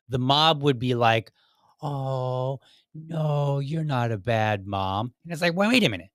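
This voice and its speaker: Brief: male podcast host, mid-pitched, rambling solo commentary, dry close sound. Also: fairly bright tone, no echo. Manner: rambling, self-correcting, many fillers. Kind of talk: casual commentary monologue.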